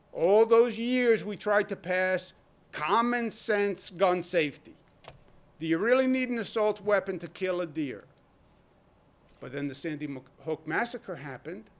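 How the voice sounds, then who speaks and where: A man, a state governor giving an impassioned speech full of rhetorical questions and punchy short phrases. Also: high-pitched. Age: 60s. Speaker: state governor at a press briefing.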